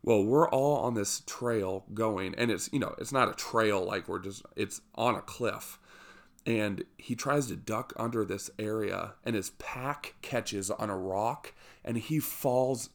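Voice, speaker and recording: Man telling a funny story, lower voice. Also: measured pace, gravelly. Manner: lively, self-mocking, with jokey asides. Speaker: speaker telling a personal story. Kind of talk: humorous personal storytelling.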